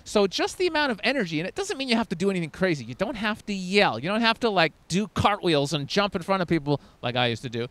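Man, 30s, dating coach, emphatic, animated pitch, smooth voice. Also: quick pace, few pauses, no echo. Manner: emphatic, swings into loud demos. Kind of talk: energetic coaching talk to camera.

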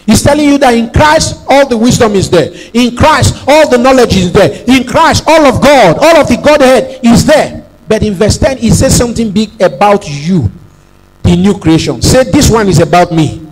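A man's voice: extremely high pitch, animated, normal speed, poor audio. A man preaching a sermon as pastor, emphatic, repeating phrases and prompting the congregation to say lines back.

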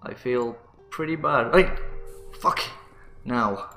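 A man's voice: mid-range voice, slow pace, pushed and bright. A man hosting a let's play, panicky and self-mocking, swearing often as he plays. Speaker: gaming channel host. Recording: roomy sound with faint music.

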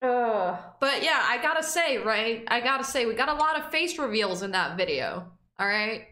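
A woman's voice: on the high side, lively intonation, takes it slowly, bright, forceful tone, roomy sound. A young woman streamer reacting on a casual stream, emotional, teary and swearing freely.

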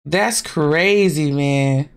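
A woman hosting her gaming channel, giving casual horror game commentary. She is excitable, swears a lot, and keeps talking to her viewers. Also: low voice, drawn-out words, clean tone.

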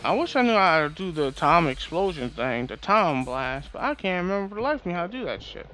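A man's voice: on the high side, very animated, brisk, pushed and bright. A man casually commentating a shooter game as he plays, swearing and trash-talking the enemies. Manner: profane, frustrated trash talk at enemies. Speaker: gameplay streamer. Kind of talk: casual let's-play commentary. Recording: game music playing underneath.

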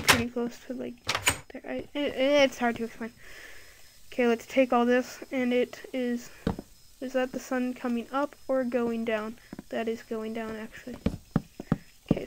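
Woman gamer, unhurried and rambly, casual commentary over a hissy computer mic. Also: a little high. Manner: rambling, thinks aloud, many filler "like"s. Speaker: gameplay video creator.

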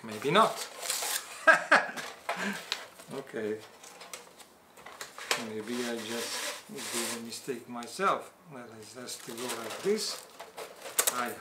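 A woman's voice: a bass voice, echoey room, heavy background noise. A woman unboxing gear on camera, musing hesitantly to herself as she works things out. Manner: muses hesitantly to herself, unhurried. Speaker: outdoor gear reviewer. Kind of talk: unboxing vlog, thinking aloud. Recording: loud clatter of gear being handled.

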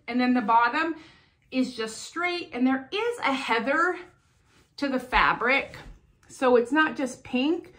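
Woman, middle-aged, unhurried chatty vlog talk, slightly high voice, echoey room at home. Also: fairly bright tone. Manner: chatty, unhurried, describing clothes. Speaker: fashion vlogger. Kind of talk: casual try-on haul chat.

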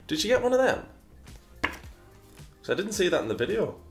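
A man with a high-pitched, creaky, sing-song voice hosts a casual question session at a moderate pace, with faint music behind him. He reads viewer questions aloud, muses over each answer, and often repeats himself.

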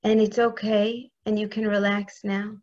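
A woman's voice: mid-range voice, little pitch movement, measured pace, a little mellow, lo-fi sound. A woman giving a heartfelt spiritual talk as a religious teacher, intimate and earnest. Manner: intimate, earnest, speaks prayers aloud.

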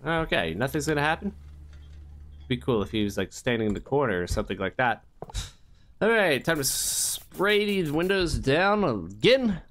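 Animated jokey male game commentator. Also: a little high, normal speed, slight background noise. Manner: jokey, rambling, sing-song sound effects; mock-innocent asides. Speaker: gaming youtuber. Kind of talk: comedic let's play commentary.

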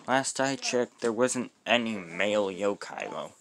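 A man casually narrating a homemade fan story, rambling off on tangents with halting restarts. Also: fairly low pitch, a bit bright.

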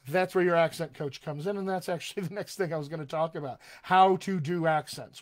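Upbeat, fairly high-voiced male dialect coach. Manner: upbeat, conversational, addresses viewers directly. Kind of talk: live-streamed coaching talk.

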